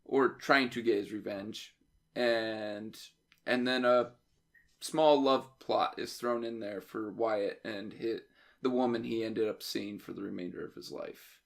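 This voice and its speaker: A man's voice: lowish voice, steady tone, a little slow, creaky. A man co-hosting a casual movie review podcast, summing up a plot in a loose, rambling way and laughing often. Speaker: podcast co-host.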